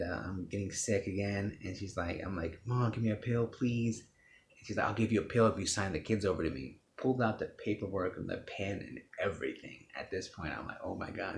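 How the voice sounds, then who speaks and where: Casting: low-voiced man, raw personal testimony, cursing freely, recorded in an echoey room with faint background noise. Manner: blunt and profane, with restarts. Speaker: speaker telling his life story.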